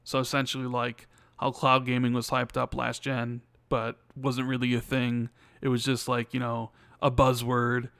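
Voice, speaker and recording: A man's voice: medium pitch, completely flat delivery, normal speed, creaky, hardly any pauses, fairly bright tone, clear, resonant tone, no room sound. A man co-hosting a casual gaming podcast, rambling with lots of fillers as he reads out viewer questions. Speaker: podcast co-host.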